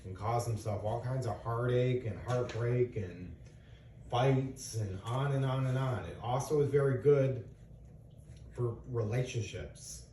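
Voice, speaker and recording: Warm and medium-pitched, a middle-aged man speaks at a measured pace, with a little hiss or hum and the distant sound of an echoey room. He is a father giving his young kids a casual, earnest talk, posing questions and offering examples.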